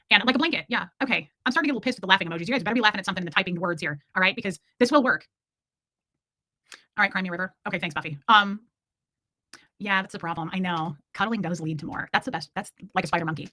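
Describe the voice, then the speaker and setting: A rapid-fire woman in her forties chats frankly on her livestream, rambling and joking as she answers her viewers. Her voice is bright and forward, recorded close and dry with no room sound. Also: medium pitch, dry recording. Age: 40s. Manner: candid, rambling, jokey, reacts to chat. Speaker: livestream host. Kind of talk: casual livestream chat reading comments.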